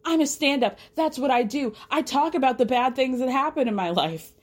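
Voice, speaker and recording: Woman putting on a whiny, self-pitying stand-up comic, quick and defensive. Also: sits high.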